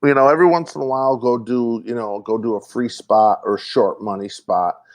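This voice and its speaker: In relaxed podcast conversation, a man with a mid-range voice recounts comedy road stories at a moderate clip. He performs the voices of the people he quotes and speaks with lots of fillers and restarts, animated throughout.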